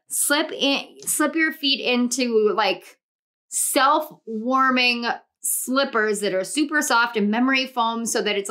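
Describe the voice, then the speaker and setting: Slightly high-voiced tarot reader, soothing. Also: female voice, bright, forceful tone. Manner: soothing, flowing, repeats and restarts phrases. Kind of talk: guided visualization and tarot reading.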